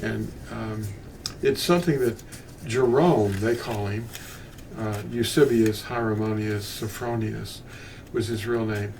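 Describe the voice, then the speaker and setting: Older man, bible teacher, unhurried, rambling asides, distant mic, faint room noise. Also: on the low side, creaky, darkish tone. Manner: meandering, with frequent restarts and asides. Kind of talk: unscripted teaching talk.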